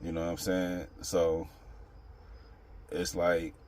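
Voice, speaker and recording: A man with a notably low voice talks straight to his channel's viewers in an unscripted opinion monologue. He rambles, circles back on his points, and leans on slang and the same filler phrases again and again. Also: completely flat delivery, slow, a little mellow. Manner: rambling, street slang, repeats "you know what I'm saying". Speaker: channel host.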